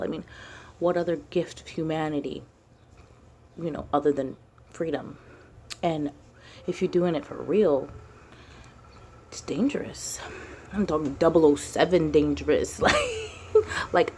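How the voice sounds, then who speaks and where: A woman with a low, gravelly voice rambles casually to camera about her spiritual path. Her talk is loose and unpolished, peppered with fillers and easy swearing, as she thinks out loud. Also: measured pace, pauses often, slight background noise. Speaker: spiritual vlogger.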